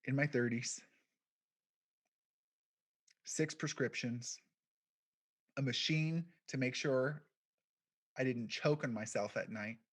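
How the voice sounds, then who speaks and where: A man of middle pitch telling his own story as a keynote talk, speaking quietly and reflectively. He leans on deliberate pauses between phrases and lets his sentences trail into short fragments. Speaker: keynote speaker, podcast founder.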